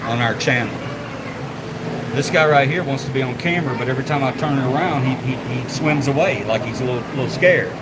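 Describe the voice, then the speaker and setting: A man's voice: medium pitch, fairly quick, very noisy. A man, chatting casually to viewers and to the animals while walking outdoors with a handheld phone camera. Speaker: vlogger. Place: outdoors at a zoo.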